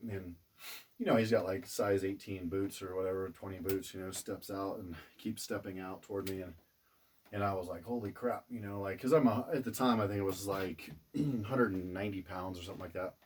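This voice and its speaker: A man's voice: deep voice, distant mic, slight background noise. A man casually telling a funny personal story, rambling with lots of fillers, restarts and chuckles.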